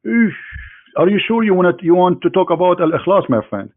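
A man's voice: high-pitched, lively intonation, brisk. Mocking man on a tinny line. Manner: mocking, teasing, repeats phrases for emphasis. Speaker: host debating a caller. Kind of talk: argumentative religious debate call. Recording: phone-like narrow band.

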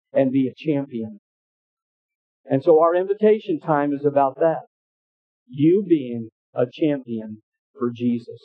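Brief: male pastor, folksy sermon storyteller, slightly high voice, dry tinny phone-like sound. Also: no room sound. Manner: folksy, anecdotal, with hesitant restarts. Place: church.

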